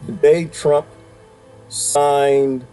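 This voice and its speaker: A man riffs in casual reaction commentary with a fairly high but dark, mellow voice. He talks emphatically and colloquially, swinging his voice around and firing rhetorical questions. Faint music sits behind him. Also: fairly even intonation, extremely slow, smooth. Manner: colloquial, laughs while talking. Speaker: vlogger commenting on a clip.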